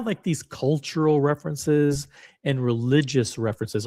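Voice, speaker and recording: A man hosting a live commentary show, talking at an ordinary mid-range pitch. His delivery is dry and sarcastic, full of wry asides as he greets viewers in the chat. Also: steady tone, a little slow, darkish tone. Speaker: livestream commentary host.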